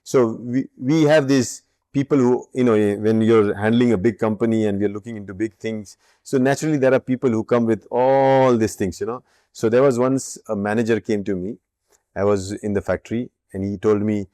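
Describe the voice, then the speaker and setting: A man's voice: lowish voice, fairly even intonation, fairly quick, mellow, no room sound. A middle-aged man giving a reflective spiritual talk, emphatic and repeating his key points, who plays out both sides of conversations in his stories. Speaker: spiritual teacher. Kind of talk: reflective talk with acted-out anecdotes.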